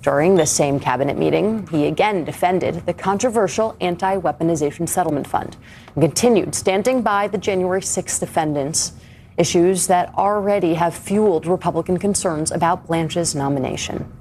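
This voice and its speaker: A woman anchoring a news program, delivering pointed, crisp commentary and questioning guests. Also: on the low side, normal speed, darkish tone, a little hiss or hum. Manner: crisp, pointed, lightly wry.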